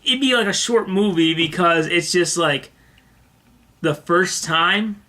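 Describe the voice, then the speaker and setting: A man's voice: sits high, slow, background noise. A young man co-hosting a comedy advice podcast, making dry, teasing jokes and laughing often. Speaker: podcast co-host. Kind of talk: casual comedic chat.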